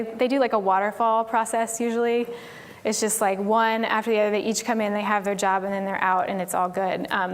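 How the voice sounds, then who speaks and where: Chatty woman speaker, lots of fillers. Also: mid-range voice. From Tennessee, US. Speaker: conference speaker. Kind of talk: casual conference talk. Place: conference stage.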